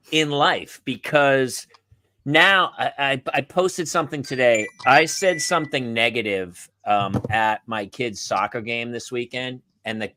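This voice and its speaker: A man, a comedian and podcast host, telling a sarcastic story and acting out the shouted quotes. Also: medium pitch. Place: live podcast set.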